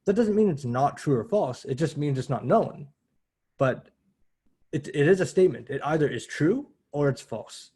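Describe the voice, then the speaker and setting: A man's voice: fairly high pitch, animated, moderate pace, warm tone. A man giving a university math lecture in a conversational way, often correcting himself as he explains step by step.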